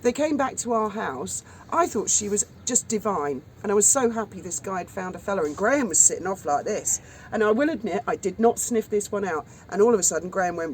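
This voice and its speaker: A woman chatting casually outdoors at sunset, telling stories in a lively, anecdotal way. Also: mid-range voice, fairly quick, hardly any pauses, slight background noise, low-quality recording. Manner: chatty storyteller. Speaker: co-host of a chat stream. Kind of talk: casual chat.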